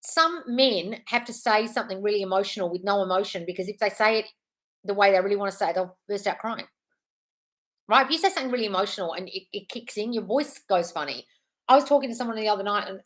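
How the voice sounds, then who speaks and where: A woman's voice: mid-range voice, a bit bright. A woman in her thirties hosting a casual live stream from home, answering viewer comments in a chatty, reassuring way, calling people darling and swearing now and then. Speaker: manifestation coach hosting a live Q&A.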